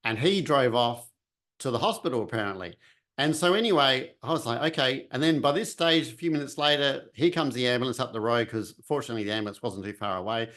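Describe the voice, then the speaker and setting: A man tells his own story in a relaxed, chatty way. His voice sits at an ordinary middle pitch. He acts out quotes and sounds as he goes. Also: quick pace. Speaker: vlogger telling a personal story. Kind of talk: casual storytelling.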